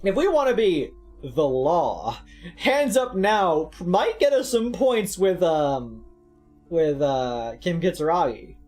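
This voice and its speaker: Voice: medium pitch, big pitch swings, slow pace, warm tone, soft background music. A streamer giving casual, rambling, sarcastic commentary while playing a game, swearing freely. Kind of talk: casual let's-play commentary.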